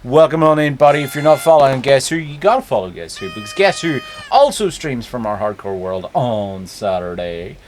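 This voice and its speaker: A man's voice: mid-range voice, big pitch swings, normal speed, hardly any pauses, a little hiss or hum. A man with a Northern Irish accent hosting a live stream, chatting casually and greeting viewers by name. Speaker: streamer host.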